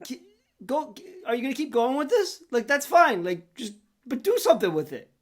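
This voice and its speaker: A man's voice: extremely high pitch, very animated, normal speed. A man co-hosting a podcast in casual chat, chiming in with amused reactions. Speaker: podcast co-host.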